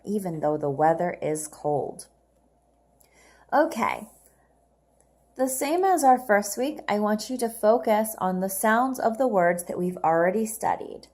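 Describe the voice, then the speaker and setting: Brief: woman teacher, unhurried, clear children's reading lesson, patient questioning. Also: on the low side. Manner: slow, patient, asks questions and praises answers. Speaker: English teacher.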